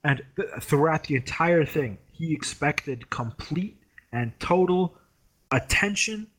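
A young man casually telling a story, animated, swearing freely and acting out the people in it. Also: a little high, slow. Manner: animated, swears a lot, mimics the professor in raised voice. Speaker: former grad student telling a story.

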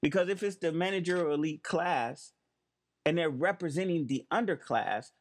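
Man, host delivering a monologue commentary; slightly high, emphatic, leaning on key words. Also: moderate pace.

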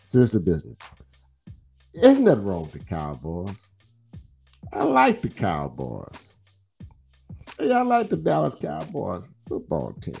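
Lively trash-talking man with a drawl. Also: lowish voice, unhurried, gravelly, long pauses, husky, soft background music. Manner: animated, teasing, drawling, repeats himself. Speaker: livestream host. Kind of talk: casual football smack talk.

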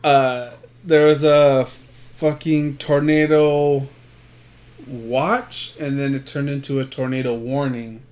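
A man's voice: mid-range voice, level tone, slow, a little mellow. A man telling a rambling story in casual chat, swearing a lot and acting out what people said. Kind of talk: casual chat between friends.

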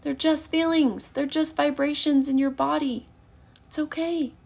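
A woman in her thirties giving an earnest, encouraging parenting lesson, acting out calm phrases a parent might say. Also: high-pitched, normal speed, vocal fry. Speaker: parenting educator. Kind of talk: casual teaching monologue.

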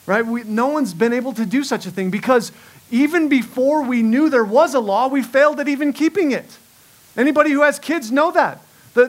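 A man's voice: sits high, a bit bright. A middle-aged man preaching a sermon as pastor, earnest, often repeating himself as he restarts a thought.

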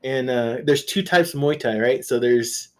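A man's voice: medium pitch, moderate pace. A man guest-hosting a podcast, telling rambling, profane anecdotes in casual chat, with restarts and laughter.

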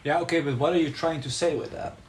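A man's voice: on the high side, fairly even intonation, quick pace. A man co-hosting a podcast who challenges his partner's points in a casual debate, pressing with pointed questions. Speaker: podcast co-host.

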